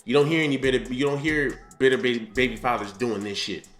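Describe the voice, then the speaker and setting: A man's voice: mid-range voice, fast, roomy sound, soft background music. A man hosting a blunt, ranting commentary on clips, repeating his points. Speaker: commentary host. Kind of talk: reaction commentary.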